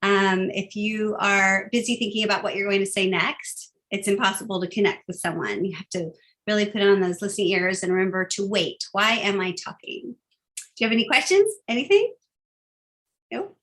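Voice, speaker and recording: A woman's voice: mid-range voice, moderate pace, a bit bright. A woman giving a casual, upbeat phone-skills training talk, chatty and full of fillers.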